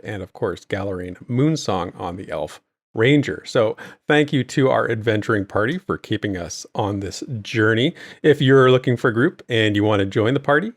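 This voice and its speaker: Low-pitched male podcast co-host, morning voice, upbeat and laughing, chatting over a call. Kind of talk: casual podcast chat. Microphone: remote call.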